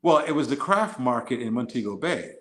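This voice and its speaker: A Jamaican-born man speaks with an American accent in relaxed podcast talk. He spins stories, slips into other accents, and laughs as he goes. His voice sits mid-pitch and carries a roomy echo. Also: a little fast. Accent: American with Jamaican traces. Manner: storytelling, mimics accents, laughs often. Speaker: guest. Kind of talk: casual podcast chat.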